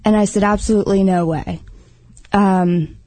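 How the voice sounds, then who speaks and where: A woman in casual talk, telling a lively story and calling her partner babe. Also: medium pitch, moderate pace, no room sound, low-quality recording. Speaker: guest. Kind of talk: casual chat.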